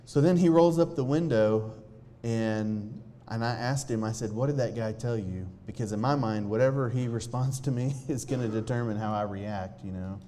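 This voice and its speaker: A man telling a personal testimony to a live audience in an earnest, halting way, often restarting his sentences. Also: medium pitch, mellow. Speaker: speaker sharing a personal testimony.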